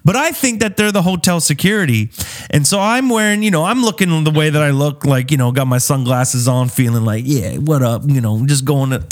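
Animated man telling a wild story. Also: a little fast. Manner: animated, dramatic storytelling with big pitch swings. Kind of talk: casual chat, telling a personal story.

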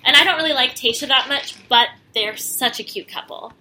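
A young woman chatting casually as a podcast co-host, retelling a reality show in an animated, giggly way full of fillers. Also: high-pitched, fairly quick, slight background noise. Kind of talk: casual TV recap chat.

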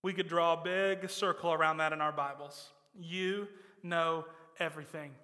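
A man's voice: fairly high pitch, steady tone, moderate pace. Emphatic male preacher in a reverberant hall. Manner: emphatic, swinging from loud to soft. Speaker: pastor. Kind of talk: sermon.

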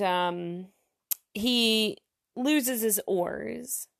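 A woman's voice: medium pitch, vocal fry, a bit bright. A woman casually telling jokes aloud and chatting about each one as she goes. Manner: chatty, reads jokes aloud and comments on them.

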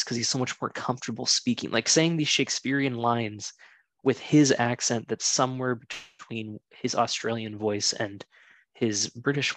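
A man hosting a casual movie watch-along chat, talkative and opinionated, with quick asides. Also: mid-range voice. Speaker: podcast host.

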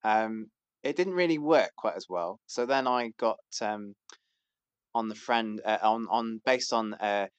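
A man's voice: lowish voice, a little slow, clear, resonant tone, no room sound. A man, chatting hesitantly as a podcast guest, with many fillers and restarts. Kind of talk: casual chat.

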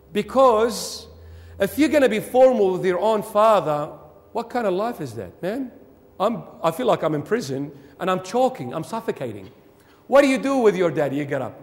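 High-voiced man preaching in a reverberant hall. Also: very animated. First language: Aramaic. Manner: explains slowly, repeats key phrases for emphasis. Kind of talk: sermon teaching.

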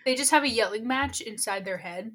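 A woman's voice: a little high, a little fast, fairly bright tone. A woman co-hosting a podcast in casual book-club chat, with playful, jokey asides. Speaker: podcast co-host.

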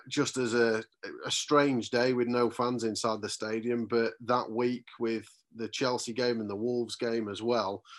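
Chatty man reminiscing. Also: mid-range voice. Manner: reminiscing storyteller, chatty and earnest. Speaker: radio reporter and commentator, guest. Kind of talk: casual podcast chat.

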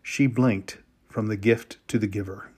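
A man giving a dramatic story reading, slow and emotive, with drawn-out pauses. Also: lowish voice, steady tone, a little mellow, slightly rough.

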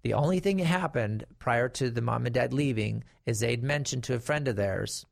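A man's voice: mid-range voice, normal speed, vocal fry, dry recording, clean studio sound. A middle-aged man, an estate planning attorney, explaining guardianship in a conversational storytelling way with emphatic warnings. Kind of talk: explanatory talk to viewers.

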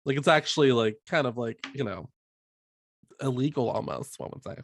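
A man co-hosting a podcast in casual chat, animated and jumping into high mock voices when quoting people. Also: moderate pace. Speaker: podcast co-host.

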